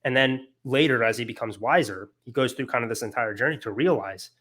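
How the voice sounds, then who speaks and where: An earnest young man gives a loose, conversational lecture. His voice sits at an ordinary middle pitch, and he piles up fillers and restarts as the ideas carry him along. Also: fairly quick, hardly any pauses, a bit bright. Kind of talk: casual lecture on philosophy.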